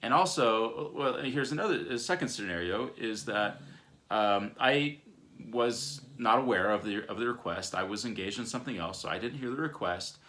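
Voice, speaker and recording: A man's voice: on the low side, animated, moderate pace, pushed and bright, slight background noise. A man co-hosting a parenting video at home, explaining communication scenarios step by step in a casual teaching chat.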